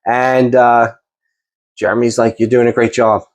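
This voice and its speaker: This man, a podcast host and chef, has a mid-range voice and talks a little slowly. Hosting a casual interview, he tells long, rambling, animated stories, restarting his sentences often.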